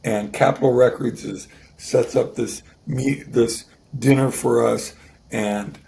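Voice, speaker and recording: A man in his sixties, a guest, telling an emotional personal story in a halting way, often restarting and repeating words. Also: medium pitch, steady tone, vocal fry, warm tone. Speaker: guest musician.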